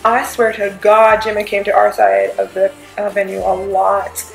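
A woman vlogger with a gravelly, fry-tinged voice, gushing excitedly about a concert in loose, filler-heavy chat with the odd swear. She sounds like she is in an echoey room, with faint music playing underneath. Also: medium pitch, moderate pace. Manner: gushing, excitable fangirl talk full of "like" and swearing. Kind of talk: casual concert review chat.

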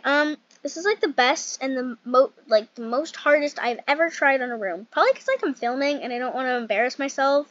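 A woman's voice: high-pitched, fairly quick, few pauses, fairly bright tone, no echo. A woman giving rambling, giggly, self-mocking commentary while building in a game, recorded a little muffled. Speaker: game YouTuber. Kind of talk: casual gameplay commentary.

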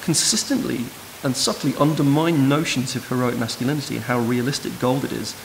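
Male lecturer, gravelly voice, long hall reverb, steady hiss. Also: mid-range voice, fairly quick. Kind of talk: academic lecture. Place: lecture room.

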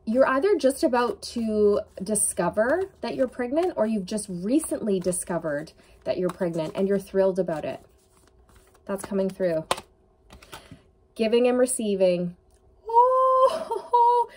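A woman's voice: mid-range voice, expressive, measured pace, dark tone. A woman giving an intuitive tarot reading to camera, talking in an earnest, emotional way with many fillers. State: tearful at times. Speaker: tarot reader.

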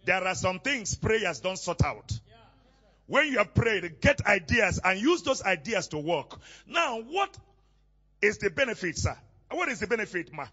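A male pastor preaching a sermon, asking questions and having the congregation call back the missing words, often rising to shouts. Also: high-pitched, very animated, a little slow, husky, dull audio.

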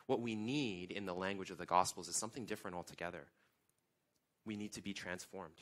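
A man's voice: sits low, fairly quick, a bit bright. A man in his thirties, a guest pastor, preaching a sermon in a conversational way with emphatic questions.

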